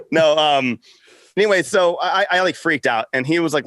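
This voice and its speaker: A man in an interview, telling stories in a lively way, acting out quotes and laughing often. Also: a little high, normal speed, no room sound. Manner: animated storyteller, acts out quotes, laughs often. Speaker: podcast network founder, guest. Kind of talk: casual interview chat.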